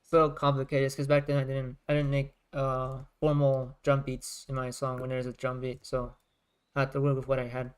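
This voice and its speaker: A man's voice: mid-range voice, monotone, normal speed, clean tone. A man, a music creator, chatting casually on a livestream, rambling and circling back to rephrase his points.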